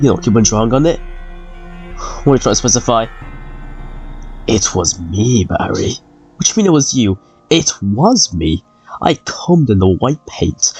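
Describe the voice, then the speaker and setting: Loud, crude young man gaming. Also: medium pitch, normal speed, husky, soft background music. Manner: loud, crude, animated joking. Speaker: gamer. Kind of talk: gaming banter and voice chat.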